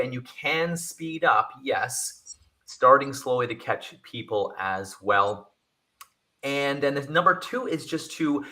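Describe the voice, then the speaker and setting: A man's voice: medium pitch, pushed and bright. A man working as a communication coach, giving advice in an interview with energy, stressing and repeating his key phrases.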